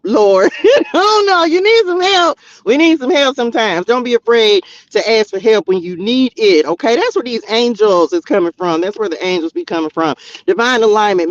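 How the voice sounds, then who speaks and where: High-voiced man, chatty spiritual vlog. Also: no echo. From Texas, US. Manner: exclamatory, chatty, talks straight to viewers as "y'all" and "child". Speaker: spiritual tarot vlogger. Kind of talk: casual spiritual message to viewers. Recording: dull, slightly lo-fi audio.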